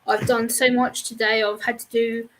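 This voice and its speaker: A woman's voice: fairly high pitch, level tone, normal speed, a bit bright, slight background noise, low-quality recording. A woman guest on a casual live-stream chat, speaking candidly and frankly with easy laughs.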